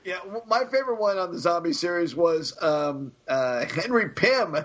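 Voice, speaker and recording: Husky high-voiced man, casual chat. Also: animated, normal speed, fairly bright tone. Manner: amused, laughs through his anecdotes. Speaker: podcast co-host. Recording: dull lo-fi audio.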